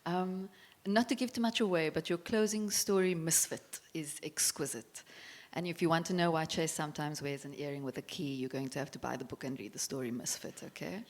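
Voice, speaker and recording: A woman moderating a live festival panel, asking an author measured questions. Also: low-pitched, fairly even intonation. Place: live event stage.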